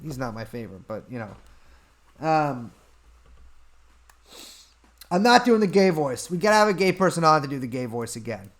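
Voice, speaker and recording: A man hosting a casual livestream, reading out chat questions and answering them in an offhand, deadpan way at a desk mic. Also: on the high side, moderate pace, long pauses. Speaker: podcast host answering chat.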